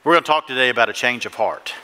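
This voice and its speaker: Bright-voiced preacher in an echoing church. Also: male voice, medium pitch, rapid-fire. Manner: fervent, asks the congregation questions. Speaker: pastor. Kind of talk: sermon. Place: church sanctuary. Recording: echoey church hall.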